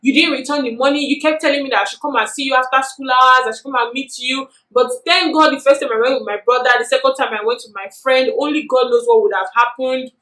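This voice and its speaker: A young woman with a Nigerian accent telling a story in a chatty, animated vlog, filling her talk with "you know". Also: high-pitched, fast, few pauses. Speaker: vlogger. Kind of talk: casual storytelling. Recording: echoey room.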